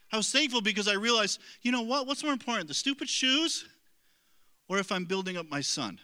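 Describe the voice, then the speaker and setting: A man's voice: high voice, animated, moderate pace, bright, forceful tone. A middle-aged man preaching a sermon as a pastor, earnest and conversational, with self-deprecating asides to the congregation.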